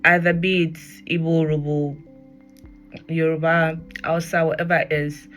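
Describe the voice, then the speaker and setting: A woman with a Nigerian accent talks her way through a casual podcast rant, her voice bright and forceful though sitting a little low. She drifts into pidgin and gets animated as she goes, with faint music behind her. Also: moderate pace. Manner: animated, switches into pidgin, laughs often. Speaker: podcast host. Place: Germany.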